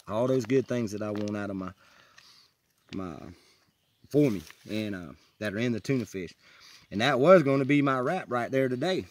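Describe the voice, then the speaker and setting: A man chatting casually outdoors on a wooded trail, folksy and enthusiastic as he forages. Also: mid-range voice. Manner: folksy, enthusiastic, keeps saying "y'all". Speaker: vlogger foraging on a hiking trail. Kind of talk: casual outdoor vlog chat.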